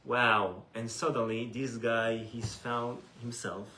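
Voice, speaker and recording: A man, a rabbi teaching a class, who tells a story in an animated, repetitive way with frequent restarts. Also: medium pitch, a little slow, hardly any pauses. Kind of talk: storytelling lesson. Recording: echoey room.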